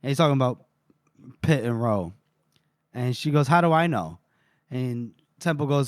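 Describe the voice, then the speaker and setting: A man's voice: mid-range voice, animated, normal speed, pauses often, no room sound, clean studio sound. A man co-hosting a podcast, casually retelling a book chapter, dropping into brief character voices and laughing often. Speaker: podcast co-host. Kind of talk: casual book-club recap.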